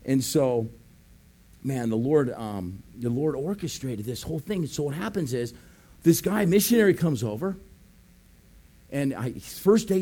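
A man's voice: fairly high pitch, a little mellow. A man preaching as a pastor, telling a story animatedly, acting out voices, laughing and calling out "amen". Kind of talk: sermon storytelling.

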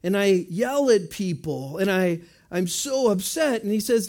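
A man's voice: high-pitched, expressive, unhurried, hardly any pauses, a little mellow. A man preaching a conversational sermon as a pastor, asking the congregation questions and answering in little voiced asides.

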